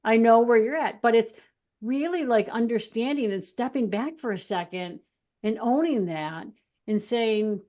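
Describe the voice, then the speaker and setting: A woman co-hosting a casual spiritual chat, telling candid stories with quick laughs and lively retorts. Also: a little high. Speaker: podcast co-host.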